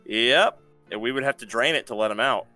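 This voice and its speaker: A man narrating as game master of a tabletop role-playing session, lively and amused. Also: medium pitch, fairly quick, soft background music.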